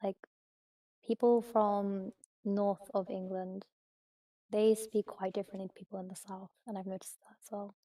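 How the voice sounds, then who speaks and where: A woman chatting casually as a stream guest, easygoing and agreeable. Her voice is mellow and dark-toned, and her pitch stays fairly flat. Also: moderate pace. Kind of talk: casual chat.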